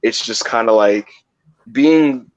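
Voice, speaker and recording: A man's voice: mid-range voice, slow pace. A man co-hosting a podcast in casual chat, often stammering and repeating words as he starts a thought. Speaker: podcast co-host. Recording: slightly dull lo-fi mic.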